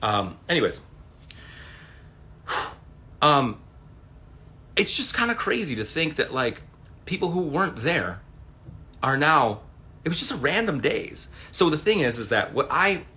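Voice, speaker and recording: A man's voice: a little high, a little slow, pauses often. A man in his forties talking casually at home on a livestream, rambling and swearing as he tells stories. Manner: rambling, profane, animated storytelling. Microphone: phone.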